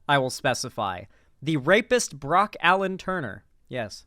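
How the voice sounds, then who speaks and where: A man's voice: a little high, very animated, unhurried, sharp tone, no echo, studio quality. Sarcastic man ranting in commentary. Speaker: political commentary streamer. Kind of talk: reaction commentary.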